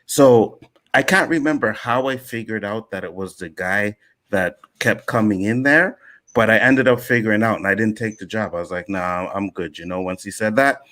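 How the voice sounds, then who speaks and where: A man's voice: on the low side, moderate pace. A man from Nova Scotia, Canada, telling stories on a casual panel show and acting out other people's lines as he goes. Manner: animated storyteller, acts out other people's lines.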